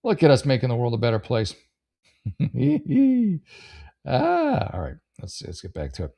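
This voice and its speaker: A man's voice: mid-range voice, huge pitch swings, fast, vocal fry, mellow. A man hosting a casual podcast, rambling through online posts and giving blunt advice, with many fillers and some swearing. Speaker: podcast host. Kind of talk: casual chat reading and advising on online posts.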